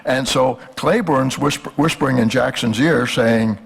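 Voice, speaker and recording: An older man speaks in a gravelly voice. He lectures on history in a relaxed, joking way and stops often with fillers. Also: mid-range voice, a little slow. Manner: folksy, hesitant with many fillers. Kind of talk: lecture with jokes.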